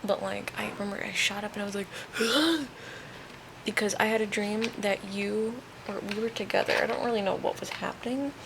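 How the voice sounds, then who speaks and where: A woman's voice: mid-range voice, flat delivery, quick pace, vocal fry, few pauses, background noise. A young woman vlogging in casual chat from a hospital room while recovering from oral surgery, chatty and laughing often.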